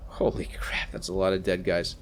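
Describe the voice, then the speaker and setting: A man's voice: low-pitched, monotone, moderate pace, a little hiss or hum. A man giving casual gameplay commentary as a let's play host, rambling with exasperated asides.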